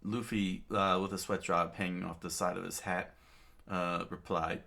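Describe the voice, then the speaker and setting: A man's voice: low voice, level tone, normal speed, gravelly, sharp tone. A man reading a comic aloud in a casual way, with many fillers, restarts and chatty asides. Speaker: reader of a comic. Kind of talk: casual read-aloud with commentary.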